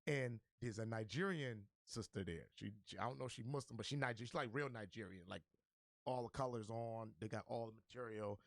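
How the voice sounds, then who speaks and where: A man with a gravelly edge to his voice tells a funny story as a radio guest, animated and full of street slang. He talks in a dry, close studio sound. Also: medium pitch, fairly quick, dry recording. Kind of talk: comic storytelling on talk radio.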